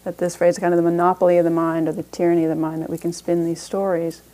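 A woman's voice: fairly low pitch, little pitch movement, fast, mellow. A woman teaching a parenting class as a meditation teacher, talking conversationally with frequent restarts and light laughs.

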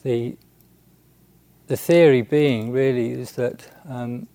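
A man, a Buddhist monk, telling a story in a halting, unhurried way with many restarts and fillers. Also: mid-range voice, steady tone, warm tone, dry recording. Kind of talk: storytelling talk.

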